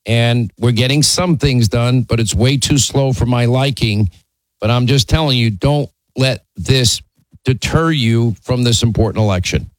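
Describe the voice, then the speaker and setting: A man's voice: medium pitch, unhurried, no room sound, poor audio. Emphatic male talk radio host. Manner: emphatic, restarts sentences.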